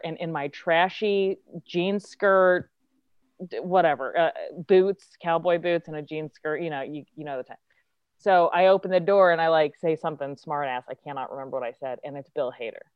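A woman's voice: deep voice, moderate pace, clear, resonant tone, no room sound, dull audio. A woman actress, a guest telling a casual, chatty story and acting out the quotes. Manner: chatty, lots of filler likes, acts out quotes.

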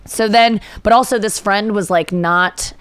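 Young woman, podcast guest, smooth clear voice, dry close sound, candid storytelling. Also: medium pitch, a little slow, a bit bright, no echo. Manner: candid storytelling, acting out quotes. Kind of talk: casual podcast chat. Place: indoor studio room.

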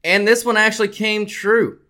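A man's voice: high voice, fairly even intonation, moderate pace, sharp tone. A man co-hosting a comedic sports podcast, talking in a jokey, theatrical and profane way. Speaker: podcast co-host. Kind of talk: comedic casual chat.

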